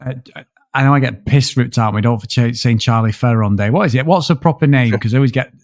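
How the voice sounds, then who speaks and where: A man's voice: medium pitch, quick pace, dry recording, clean studio sound. A man co-hosting a casual film review podcast, rambling and swearing as he tells his stories. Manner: rambling, sweary, animated storytelling. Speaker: podcast co-host.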